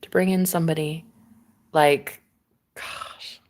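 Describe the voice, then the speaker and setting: A young woman telling a story on her vlog in an animated way, full of slang and swearing. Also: deep voice, takes it slowly. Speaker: vlogger.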